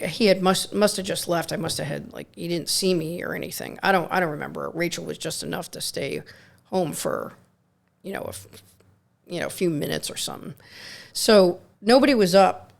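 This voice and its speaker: A woman's voice: lowish voice, vocal fry. A middle-aged woman, a nurse co-hosting a podcast, telling rambling anecdotes in casual chat and acting out quotes.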